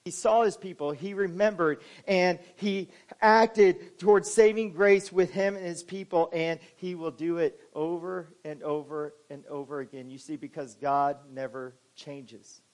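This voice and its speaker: A man preaching as pastor in a church, moving between soft, low passages and loud, emphatic ones. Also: a little slow, few pauses. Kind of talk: sermon.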